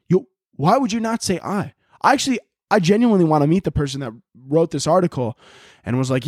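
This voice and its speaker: High, animated man ranting profanely. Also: quick pace, no room sound, clean studio sound. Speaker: podcast host. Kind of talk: ranting comedic monologue.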